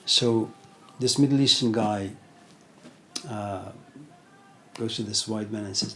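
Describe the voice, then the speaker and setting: A man's voice: fairly low pitch, measured pace, sharp tone, faint music behind. Conversational man giving a lecture. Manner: conversational, many fillers like "you know". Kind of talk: informal lecture, retelling a story.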